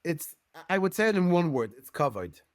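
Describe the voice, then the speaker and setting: A guest rabbi and educator, a native Hebrew speaker, lays out his views on a podcast in an earnest, storytelling manner, his halting English sprinkled with Hebrew terms. His slightly high voice has a sing-song lilt, recorded dry and close with no room sound.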